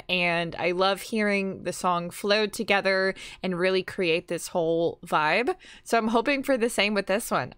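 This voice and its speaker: Bright-voiced enthusiastic woman reacting. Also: mid-range voice, smooth. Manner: enthusiastic, exclaims "ooh" often. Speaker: reaction video host. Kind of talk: casual reaction commentary.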